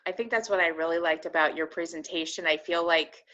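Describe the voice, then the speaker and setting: A woman's voice: fairly low pitch, a little fast, fairly bright tone, highs cut off. A woman moderating a webinar Q&A over a video call, reading audience questions and answering with short affirmations.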